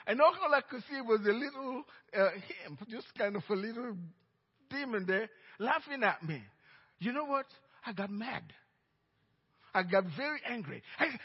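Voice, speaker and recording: Middle-aged Nigerian man preaching, husky, in a muffled, echoing church recording. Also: high voice, lively intonation, moderate pace, pauses often. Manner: emphatic storytelling, swinging between loud and hushed. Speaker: pastor. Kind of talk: sermon. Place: church sanctuary. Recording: dull reverberant church recording.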